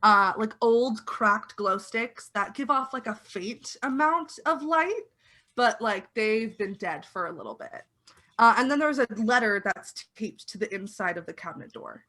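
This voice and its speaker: A woman's voice: fairly high pitch, expressive, unhurried, bright, forceful tone. A woman narrating as game master in a casual, filler-heavy way.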